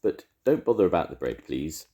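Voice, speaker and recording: An older man voicing a gentle, simple-minded, greedy male bear in a storybook, innocent and earnest. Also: rumbling low, big pitch swings, moderate pace.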